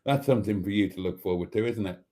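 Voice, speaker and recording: A man's voice: fairly low pitch, quick pace, warm tone. A middle-aged man, chatting casually on a live stream and reading viewer comments aloud with playful asides.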